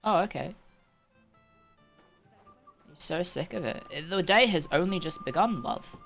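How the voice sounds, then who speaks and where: A woman's voice: on the low side, animated, unhurried, creaky, fairly bright tone. A woman streaming a game, chatting casually in a rambling, playful way with asides to chat. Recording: game music under the voice.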